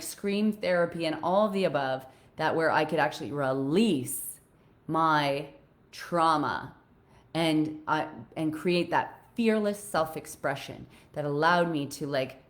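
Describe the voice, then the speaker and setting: A woman life coach talking casually to her viewers in an earnest way, growing animated as she retells a story. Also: on the low side. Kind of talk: casual live video talk.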